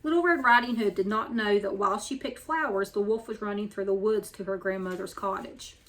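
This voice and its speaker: A woman hosting a weekly story time, reading a picture book aloud in an even storytelling manner. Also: medium pitch, fairly quick, a little hiss or hum. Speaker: storyteller host.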